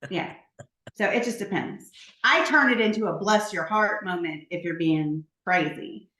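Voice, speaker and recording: A woman's voice: fairly low pitch, unhurried, sharp tone. A woman co-hosting a podcast in casual chat, sassy and teasing. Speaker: podcast co-host. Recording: roomy echo.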